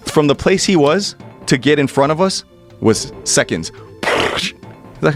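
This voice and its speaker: A man telling a personal story in an animated, excitable way, swearing freely and restarting his sentences. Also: mid-range voice, measured pace, soft background music. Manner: profane, excitable, stammering restarts.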